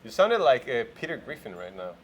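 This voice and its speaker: A man's voice: mid-range voice, big pitch swings, a little fast, fairly bright tone. A man hosting a morning show in casual chat, playfully quizzing his co-host.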